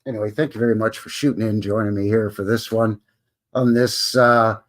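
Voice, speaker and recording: A man from Alberta with a Canadian accent, hosting a live stream in a rambling, folksy way and greeting viewers by name. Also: medium pitch. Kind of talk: casual live-stream chat.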